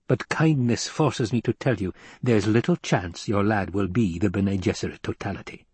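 A man's voice: on the low side, moderate pace, slightly rough, no room sound. A man voicing a stern, domineering old woman elder in an audiobook reading, with a commanding, clipped manner. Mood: gentle. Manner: commanding and clipped, softening at times.

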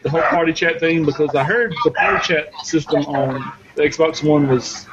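A man's voice: a little high, steady tone, normal speed. Rambling man on a dull, noisy line. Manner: rambling storyteller, many restarts. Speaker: podcast co-host. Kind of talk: casual chat. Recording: dull, noisy podcast recording.

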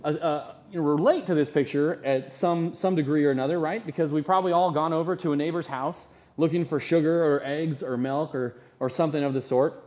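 Male pastor, sermon, fairly high voice, chatty rhetorical questions. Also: steady tone, fairly quick, hardly any pauses, darkish tone, dull audio. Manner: conversational preaching with rhetorical questions.

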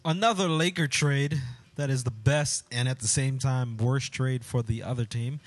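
A man's voice: medium pitch, moderate pace, dry recording. A man co-hosting a casual sports talk show, upbeat and laughing often as he moves between segments. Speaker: podcast co-host.

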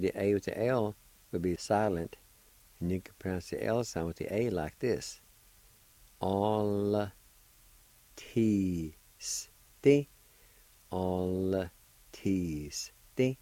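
A man with a Cherokee-speaking Oklahoma accent teaches a radio language lesson, spelling out words syllable by syllable. He talks very slowly and patiently, encouraging his listeners. His voice is low and warm, recorded close and dry. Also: dry recording, low-quality recording. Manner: slow, deliberate, spelling out syllables.

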